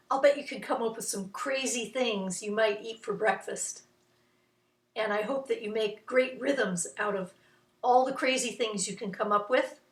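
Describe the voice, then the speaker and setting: A woman's voice: fairly high pitch, fairly bright tone. A woman teaching a children's music lesson, patiently chanting rhythm syllables. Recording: roomy, voice from a distance.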